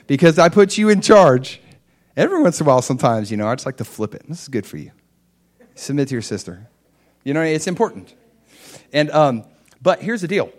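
A middle-aged man pastor giving a sermon in an easy, conversational manner, telling a personal story and lifting his voice for emphasis. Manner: rises in pitch and loudness for emphasis.

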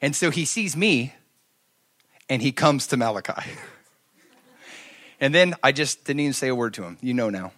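A middle-aged man preaching a sermon, telling stories and swinging from loud to hushed. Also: mid-range voice, expressive, normal speed, long pauses. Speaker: pastor.

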